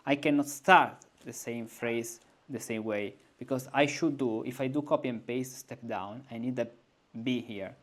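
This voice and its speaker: A man's voice: mid-range voice, moderate pace, a little hiss or hum. A male music teacher giving an informal composition lesson, thinking aloud and humming melodies on nonsense syllables.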